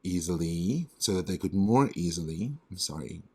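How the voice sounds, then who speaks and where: A man working through reading test questions aloud as a tutor, thinking out loud and correcting himself as he goes. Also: low-pitched, expressive, moderate pace, husky.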